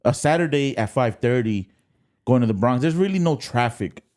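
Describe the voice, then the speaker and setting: A man's voice: medium pitch, expressive, normal speed, darkish tone. A young man, co-hosting a podcast in easygoing casual chat, laughing often. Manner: laid-back, laughs often, says "word" and "nah". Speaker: podcast co-host.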